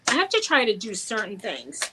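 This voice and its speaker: A woman's voice: medium pitch, wildly swooping pitch, brisk, a crowd in the background, low-quality recording. A middle-aged woman from New York talks in a casual, chatty way, with a plain New York accent. She tells her stories with animation and laughs easily. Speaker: co-host. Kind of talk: casual chat.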